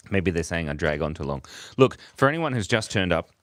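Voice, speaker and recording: A man's voice: sits low, sing-song, normal speed, creaky, a bit bright, no echo. An Australian man chatting casually on a drawing livestream, playful and reading out viewer comments. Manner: playful, reads viewer comments aloud, laughs often. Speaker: livestream artist.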